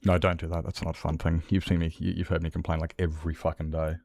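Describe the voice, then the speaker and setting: A man's voice: deep voice, flat delivery, fast, vocal fry, darkish tone, no room sound, studio quality. An Australian man chatting casually and swearing freely with his viewers as a livestreamer, rambling from one thought to the next.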